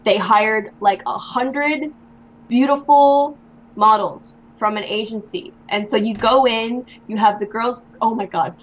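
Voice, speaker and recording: A young woman appears as an interview guest, chatting casually and telling stories packed with fillers like "like" and "um." Her pitch is fairly high and her pace measured, and the sound is lo-fi.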